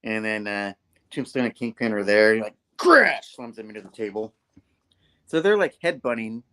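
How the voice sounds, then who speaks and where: A man's voice: on the low side, a little fast, clean tone. A man reviewing a comic book on a casual talk show, retelling the story with lots of "like" and "you know". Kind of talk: casual chat.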